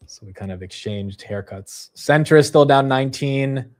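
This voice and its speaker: A young man riffs through a live stock market stream in an easy, conversational way. He jumps between topics and pokes fun at his own slips, with a voice of middling pitch. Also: a little mellow. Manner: self-deprecating, quick-shifting, laughs at himself.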